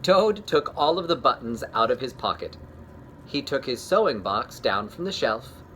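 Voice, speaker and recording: A man reading a children's picture book aloud, gentle and expressive, talking kindly to young listeners. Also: medium pitch, normal speed, slight background noise. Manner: gentle, warm-hearted and expressive, talks to kids. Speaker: children's story reader.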